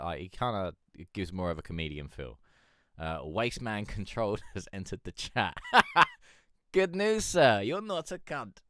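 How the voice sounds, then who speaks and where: A man's voice: fairly low pitch, bright, forceful tone, dry recording, studio quality. A man hosting a music review stream, rambling and joking in casual chat. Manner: rambling, joking, swears, laughs a lot.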